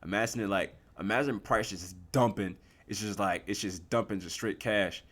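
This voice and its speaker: Deep-voiced casual trader on a livestream. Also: male voice, normal speed. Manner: relaxed, slangy and explanatory, asks and answers his own questions. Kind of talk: casual live trading commentary.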